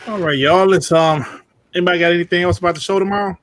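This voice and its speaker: A man's voice: high voice, steady tone, fast talker, a bit bright, a little hiss or hum. A man hosting a live gaming podcast in a loose, slangy way, greeting the chat and asking his co-hosts questions. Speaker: podcast host reading chat. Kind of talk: casual live-stream chat.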